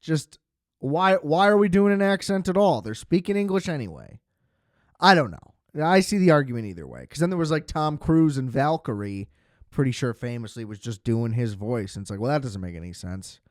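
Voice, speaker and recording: A man's voice: mid-range voice, animated, normal speed, dry recording, studio quality. A man hosting a podcast, reviewing films in a rambling, sarcastic monologue full of fillers and swearing. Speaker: podcast host. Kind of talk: casual film review monologue.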